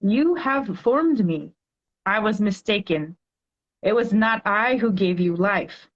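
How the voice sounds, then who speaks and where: A woman guest on a podcast, talking earnestly and reading her own poems aloud slowly and deliberately. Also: mid-range voice, lively intonation, dull audio.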